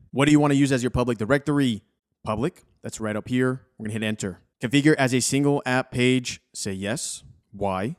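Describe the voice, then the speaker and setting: A young adult man narrating a software tutorial over his screen, casual and encouraging. His voice sits at an ordinary middle pitch, and he keeps an easy, conversational flow as he guides viewers through each step. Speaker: coding tutorial host.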